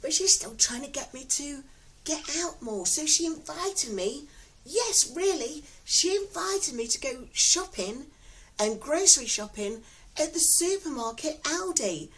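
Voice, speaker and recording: Speaking a little slowly, this woman has an expressive voice that sits high, heard on a rough recording. She's a vlogger with a Nottingham accent, from England, chatting to viewers from home with warm, giggly storytelling that rambles and repeats.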